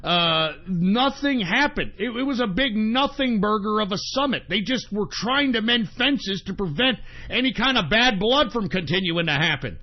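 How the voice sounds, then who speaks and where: A man hosting a talk radio show, ranting in a profane, combative way that swings between shouting and grumbling. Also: high voice, lively intonation, normal speed, hardly any pauses. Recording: dull lo-fi sound.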